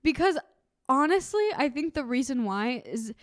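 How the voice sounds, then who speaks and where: A woman's voice: sits high, lively intonation, normal speed, no echo, studio quality. A young adult woman co-hosting a podcast in casual chat, talking candidly and saying "like" a lot. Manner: candid, chatty, heavy use of "like". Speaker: podcast co-host.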